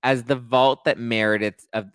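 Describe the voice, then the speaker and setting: A man's voice: medium pitch, steady tone, normal speed, fairly bright tone, smooth, no echo. Gossipy man hosting a live chat. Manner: gossipy, quotes people in put-on voices. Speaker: host. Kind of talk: casual live-stream chat.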